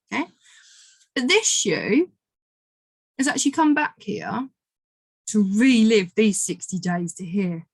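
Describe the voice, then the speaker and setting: A woman's voice: medium pitch, expressive, slow pace, long pauses, breathy edge, dry recording. A woman giving a motivational coaching talk, emphatic and repetitive, who swears freely. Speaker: manifestation coach.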